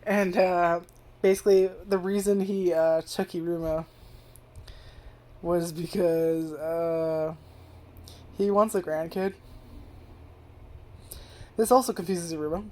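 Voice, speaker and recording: A woman's voice: lowish voice, a little mellow. A young woman casually reviewing an anime, rambling and swearing, with lots of "like" fillers. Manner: rambling and profane, heavy use of filler "like".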